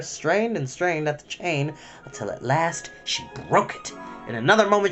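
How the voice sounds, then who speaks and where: Expressive man reading a bedtime story. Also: on the high side. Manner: expressive, dramatic, gentle.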